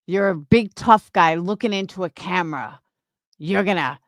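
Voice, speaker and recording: A woman's voice: lowish voice, moderate pace, no room sound, clean studio sound. A young woman streamer giving a profane, scornful reaction rant on a livestream. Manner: angry, profane, scornful ranting.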